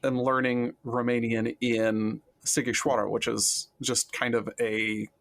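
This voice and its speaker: An American man co-hosting a podcast, telling lively anecdotes in casual chat. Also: mid-range voice, a little slow. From United States. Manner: animated anecdote teller who acts out quoted lines. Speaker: podcast co-host.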